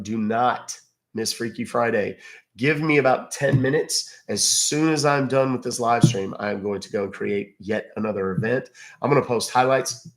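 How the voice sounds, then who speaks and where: A man hosting a casual livestream, rambling conversationally and thanking viewers by name. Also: medium pitch. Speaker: livestream host.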